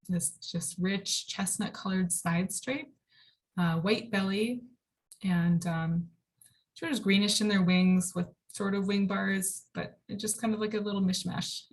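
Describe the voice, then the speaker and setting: A woman presenting a casual online slide lecture, relaxed and full of ums and likes, speaking over a video call. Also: mid-range voice. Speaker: birding presenter.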